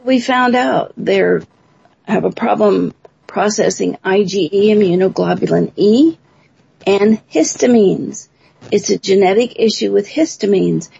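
A woman's voice: mid-range voice, measured pace, gravelly, warm tone, husky, no room sound, muffled recording. A woman, a guest on a radio interview, giving long, talkative explanations of her research and program. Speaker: guest, bioacoustics researcher and teacher.

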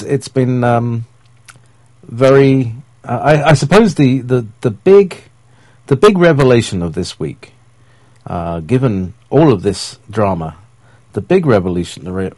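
A man with a fairly low, dark voice hosts a casual call-in stream, recorded dry. His live-stream talk rambles and hesitates, full of fillers and chuckles.

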